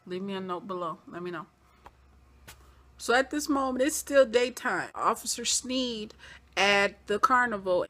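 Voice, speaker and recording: A woman giving an animated recap of a TV episode, acting out the characters' lines in quoted voices as she goes. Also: medium pitch, a little slow. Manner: acts out scenes in quoted voices. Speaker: TV episode reviewer.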